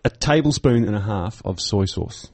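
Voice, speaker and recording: A man's voice: on the low side, lively intonation, moderate pace, vocal fry, a little mellow, husky. A man chatting casually as a podcast co-host, telling a story and laughing often. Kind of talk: casual chat.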